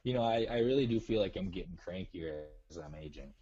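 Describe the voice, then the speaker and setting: A man's voice: low voice, lively intonation, a little fast, mellow, slightly rough, highs cut off. A man calling into a live show, chatting casually and grumbling in a self-deprecating way. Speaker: caller. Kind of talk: casual chat.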